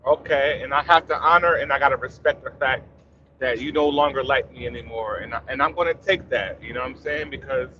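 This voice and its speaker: A man in his thirties, a panelist in casual chat, speaking calmly and softly with many fillers, on dull lo-fi audio. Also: medium pitch, a little fast, a little hiss or hum. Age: 30s. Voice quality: soft-spoken, calm, many fillers.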